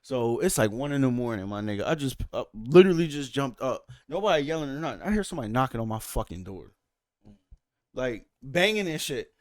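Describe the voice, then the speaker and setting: A man who is a musician and podcast guest, telling animated, profane stories in casual chat and acting out other people's lines loudly. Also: mid-range voice, fairly quick. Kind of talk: casual storytelling.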